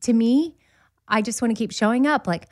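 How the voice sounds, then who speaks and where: A woman's voice: fairly high pitch, normal speed, dry recording. Middle-aged woman host, casual chatty storyteller, dry close sound. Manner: chatty, animated storyteller, laughs easily. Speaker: podcast host. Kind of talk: casual chat.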